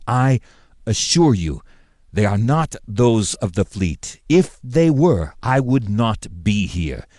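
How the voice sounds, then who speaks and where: A man's voice: lowish voice, dark tone, dry recording, studio quality. A man voicing a careful, diplomatic male fleet commodore who chooses his words with restraint.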